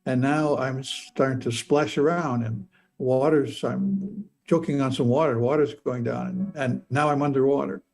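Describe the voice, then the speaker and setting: Older man, gravelly and dark, halting personal storytelling with frequent repeats. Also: mid-range voice, steady tone, soft background music. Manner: halting, repeats words, stammers. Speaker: speaker telling a near-death experience.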